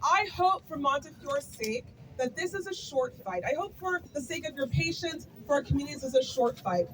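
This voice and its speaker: A woman's voice: sits high, expressive, normal speed, a bit bright. A woman giving a rousing union rally speech outdoors, leading the crowd in call-and-response. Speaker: labor union speaker at a rally. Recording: distant mic, crowd noise. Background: cheering crowd.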